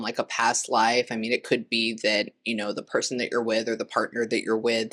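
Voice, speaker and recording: A woman psychic medium, telling animated stories in a casual podcast chat. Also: extremely low pitch. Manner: animated, acts out voices in stories.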